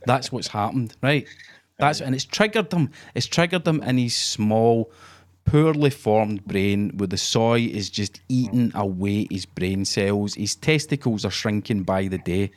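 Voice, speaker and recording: A man's voice: medium pitch, a little slow. A Scottish man co-hosting a podcast, telling a mocking story in casual banter, swearing freely and acting out what others say. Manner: sweary, mocking storyteller who acts out quotes. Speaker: podcast co-host.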